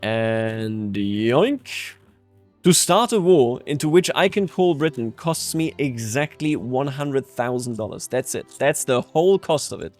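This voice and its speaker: A man's voice: a little high, expressive, moderate pace, few pauses, darkish tone. Brief: man from Bavaria, slightly raised voice, wry strategy-game commentary, faint music underneath. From Bavaria, Germany. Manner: playful, sarcastic asides with frequent chuckles. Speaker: strategy game video creator. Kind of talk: gameplay commentary.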